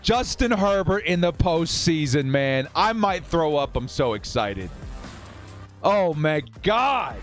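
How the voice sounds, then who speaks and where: On a live fan watch stream, a high-pitched thirties-aged man delivers excited game commentary and reads donation messages from chat. He's very animated and exuberant, breaking into shouts, though his pace is slow, and faint music plays underneath.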